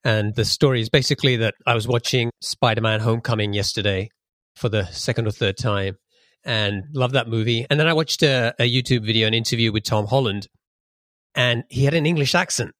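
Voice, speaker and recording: A man's voice: mid-range voice, fairly quick, a bit bright, no echo. Enthusiastic male podcast host, dry sound. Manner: enthusiastic, conversational questioning. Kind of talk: podcast interview and ad read.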